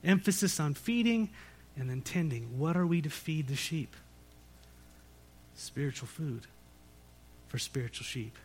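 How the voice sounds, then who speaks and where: A man's voice: fairly high pitch, animated, unhurried, long pauses, faint music behind. A man preaching a sermon as pastor, in a conversational way with rhetorical questions and light jokes. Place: church sanctuary.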